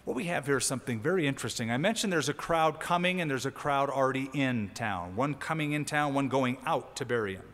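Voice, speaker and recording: A man preaching a sermon as a pastor, teaching in a conversational way with lively emphasis. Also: medium pitch, fast, few pauses, long reverb tail. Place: church sanctuary.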